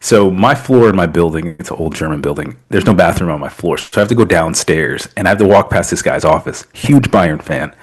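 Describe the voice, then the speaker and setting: A man co-hosting a football podcast in casual chat, laid-back and quick to agree. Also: sits low, animated, breathy edge. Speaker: podcast co-host.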